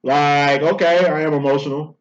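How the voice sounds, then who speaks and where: A man's voice: a little high, fairly bright tone, a little hiss or hum. A man giving a casual spiritual card reading, blunt and profane, mocking his listener and acting out quoted lines in a raised voice. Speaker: tarot card reader. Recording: dull lo-fi recording.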